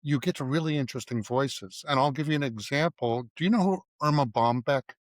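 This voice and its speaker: A middle-aged man with a medium-pitched voice talks a little fast, with no echo around him. He's an advertising writer and creative director guesting on a casual interview, recounting anecdotes and playing out bits of dialogue in quotes.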